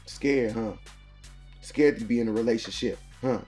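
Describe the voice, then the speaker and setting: A man's voice: mid-range voice, moderate pace, a little mellow, faint music behind. A man hosting a morning motivation show, preaching in punchy, repeated lines. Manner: preachy, punchy call-and-response cadence. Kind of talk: motivational talk.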